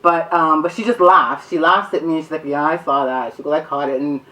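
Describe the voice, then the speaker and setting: A woman's voice: low-pitched, steady tone, fairly quick, bright, forceful tone, far from the mic, rough recording. A mother co-hosting a casual talk show, frank and chatty. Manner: frank, chatty, laughs often. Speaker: co-host.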